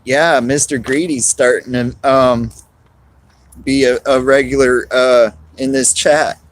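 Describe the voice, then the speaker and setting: A man's voice: medium pitch, fairly even intonation, takes it slowly. A man, live-streaming outdoors on a cold, windy day, rambling and greeting chat viewers by name.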